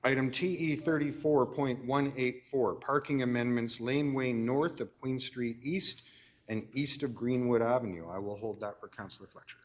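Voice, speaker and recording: A man with a Canadian accent chairing a council meeting, reading agenda items and motions in a brisk, dry procedural way. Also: mid-range voice, fairly even intonation. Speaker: committee chair.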